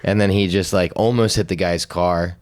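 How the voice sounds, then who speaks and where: A man's voice: low-pitched, steady tone, normal speed, darkish tone, clean tone. A man co-hosting a comedy podcast, chatting casually and teasing his friend, laughing often. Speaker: podcast co-host.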